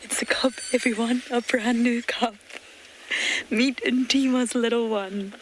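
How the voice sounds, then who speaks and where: A woman giving live safari commentary from a vehicle outdoors, excited and emotional, sometimes dropping to a whisper. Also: a little high, slow pace, slight background noise, low-quality recording. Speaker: safari guide presenter.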